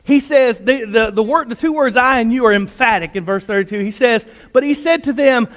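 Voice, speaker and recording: A man preaching a sermon as pastor, energetic and quick, with joking asides. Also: very high-pitched. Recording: long hall reverb.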